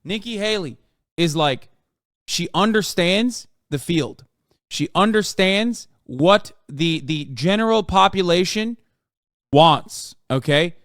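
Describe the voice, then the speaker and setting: A man's voice: sits high, lively intonation, takes it slowly, a bit bright, dry recording, studio quality. A man in his thirties streaming casual, profane commentary on a political debate, sarcastic and mocking. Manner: sarcastic, swears a lot, mocks in put-on voices.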